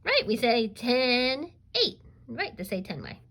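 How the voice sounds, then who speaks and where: A woman teacher giving a recorded reading lesson to young children, encouraging them to answer aloud and pausing on "um" fillers. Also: fairly high pitch, sing-song, fairly bright tone, low-quality recording. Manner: coaxing and encouraging, asks pupils to answer aloud; frequent um fillers while explaining.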